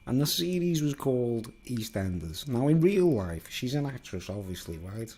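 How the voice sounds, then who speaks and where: A man's voice: medium pitch, big pitch swings, normal speed, mellow, breathy edge. A man delivering a digressive, conspiratorial solo monologue, constantly seeking agreement. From England. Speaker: vlogger.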